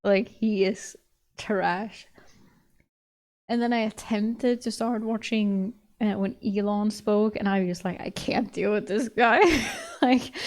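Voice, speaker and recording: A woman's voice: mid-range voice, a little mellow. A young woman streamer chatting casually with her viewers, laughing often and swearing casually.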